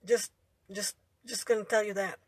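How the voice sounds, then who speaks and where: A woman's voice: medium pitch, steady tone, normal speed, a little mellow, breathy edge, no echo. A young woman telling a story in a rambling, indignant way, ending her lines with "right?" and "you know". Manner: indignant retelling. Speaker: vlogger. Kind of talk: storytime monologue.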